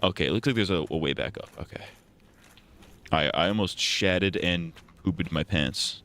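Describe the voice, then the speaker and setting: A man's voice: deep voice, normal speed, fairly bright tone. A man streaming a game live, rambling through jokes and poking fun at himself. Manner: rambling, joking, self-mocking. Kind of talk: casual live-stream gaming commentary.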